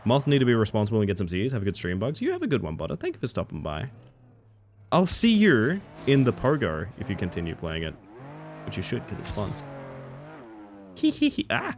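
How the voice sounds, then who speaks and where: A man's voice: fairly low pitch, very animated, fairly quick, a little hiss or hum. A man live-streaming a racing game, chatting casually and riffing playfully on his viewers' comments. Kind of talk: casual live-stream chat while playing.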